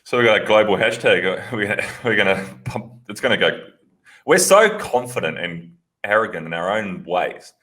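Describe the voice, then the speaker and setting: Low-voiced man steering the show. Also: big pitch swings, normal speed, pushed and bright. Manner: laid-back, drives the show along. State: training with a broken wrist. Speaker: podcast co-host. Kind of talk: casual chat.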